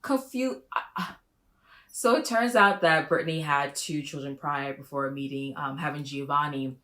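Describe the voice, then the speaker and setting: A woman vlogger doing casual reaction commentary, gossipy and profane, with sudden animated jumps. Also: normal speed. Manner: animated, with big pitch jumps.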